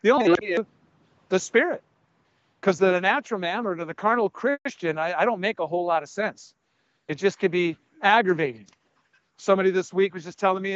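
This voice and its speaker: A man's voice: sits high, brisk, no echo. An older man preaching a sermon, speaking bluntly and conversationally between scripture readings. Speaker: pastor. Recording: dull lo-fi dry sound.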